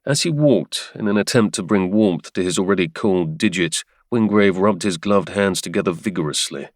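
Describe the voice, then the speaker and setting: A man narrating a romance audiobook in a measured, dramatic way. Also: low-pitched, dry recording, clean studio sound.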